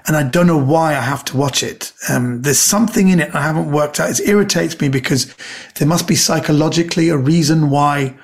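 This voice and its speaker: A man's voice: on the high side, a little fast, gravelly. A middle-aged man, a comedian guest on a podcast, chatting casually and telling rambling stories, acting out the quotes.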